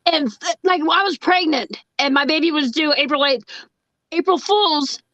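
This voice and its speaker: A woman chatting casually as a co-host, telling stories loudly and swearing freely, often breaking into laughter. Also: high-pitched, moderate pace, no room sound, muffled recording. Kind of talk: casual chat.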